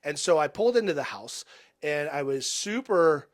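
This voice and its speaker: Earnest guy in his 40s on a podcast, kinda high voice, stops and restarts a lot, goes quiet. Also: expressive. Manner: earnest, halting, many restarts, drops soft and quiet. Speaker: podcast guest. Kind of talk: reflective personal storytelling.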